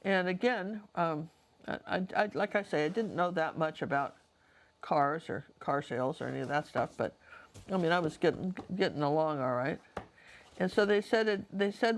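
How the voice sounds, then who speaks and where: A woman's voice: low-pitched, moderate pace. A middle-aged woman painting and telling stories from her life in a chatty, digressive way, talking straight to the viewer. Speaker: painter and storyteller. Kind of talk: casual storytelling while painting.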